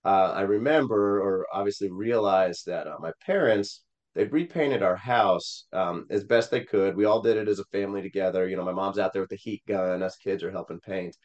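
A political candidate from Missouri tells a personal story in an interview, sounding earnest and rambling with many fillers and restarts. His voice sits low with a darkish tone at a moderate pace, and the audio is dull.

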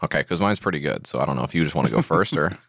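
A man's voice: extremely low pitch, animated, rapid-fire, creaky, fairly bright tone, dry recording, clean studio sound. A man co-hosting a podcast, telling a story in casual comedic chat, swearing and acting out both sides of phone calls. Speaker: podcast co-host.

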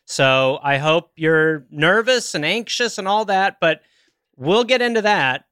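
Bright, clear-voiced male podcast host. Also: on the high side, animated, measured pace, no room sound, clean studio sound. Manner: playful, teasing. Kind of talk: joking call-in podcast chat.

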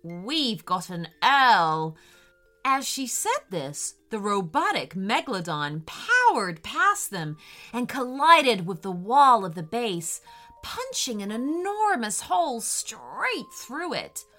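A woman reading a children's adventure story aloud in a slow, expressive storytelling way. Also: on the high side, faint music behind.

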